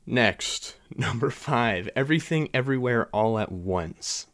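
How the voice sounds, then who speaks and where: A man's voice: mid-range voice, lively intonation, a little slow, fairly bright tone, no room sound, studio quality. A man hosting a podcast, chatting casually about movies in a rambling way with many restarts. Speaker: podcast host.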